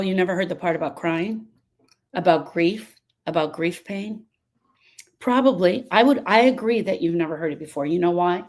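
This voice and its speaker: A woman's voice: mid-range voice, a little mellow. A woman coaching on grief in a live stream, answering viewers by name. She repeats her points with emphasis and often sidetracks. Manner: emphatic and repetitive, restating points, prone to sidetracks.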